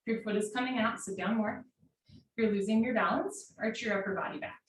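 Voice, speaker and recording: A woman teaching a live yoga class from home, calling out poses in steady, directive short commands. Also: mid-range voice, a little fast. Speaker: yoga instructor. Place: home room. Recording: very echoey room, mic far off, faint noise.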